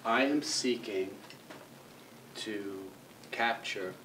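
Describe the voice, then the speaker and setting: An older man talking about his photography in an interview, measured and thoughtful, with pauses in the middle of sentences. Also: lowish voice, fairly bright tone, a little hiss or hum. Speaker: photographer guest. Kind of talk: reflective conversational interview. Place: museum room with audience. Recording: roomy hall, distant mic, faint ambience.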